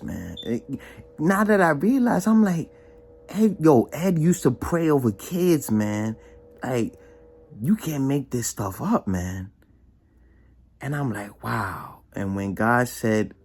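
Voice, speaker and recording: A young man giving a casual, emphatic spoken testimony, slangy and full of repetition. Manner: animated and emphatic, repeats himself, slangy; drops low and quiet when reflecting. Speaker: vlogger giving a church testimony.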